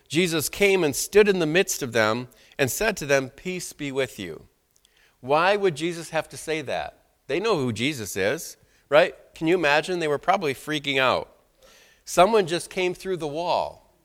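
A man preaching a sermon in a church, conversational and animated, with frequent rhetorical asides. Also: on the high side. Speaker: pastor.

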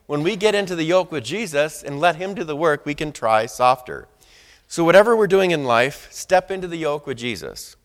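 A middle-aged pastor preaches conversationally, sharing personal stories and often asking the congregation "Amen?" His voice runs on the high side with lively intonation at a normal speed, and long hall reverb surrounds him.

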